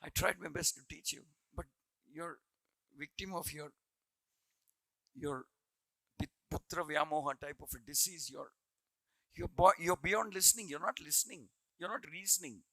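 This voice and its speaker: A wise old counsellor, as a male lecturer puts him on, scolding with worn-out exasperation. The voice is raised and bright, the room dry and close. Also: a little high, normal speed, vocal fry, pauses often, no echo, rough recording. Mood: exasperated. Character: wise gentle old man, fed up counsellor.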